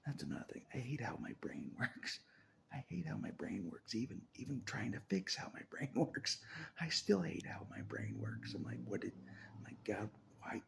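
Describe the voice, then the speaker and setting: A man's voice: fairly low pitch, very animated, normal speed, vocal fry. A man talking on his own about faith, half-whispering and laughing often as he rambles in a restless, searching way. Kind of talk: rambling spiritual monologue.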